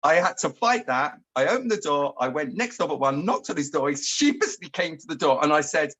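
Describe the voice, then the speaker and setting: A man's voice: fairly high pitch, brisk. A man, co-hosting a casual chat and telling a story about his own day. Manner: chatty storyteller, animated when acting out his own outbursts. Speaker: co-host.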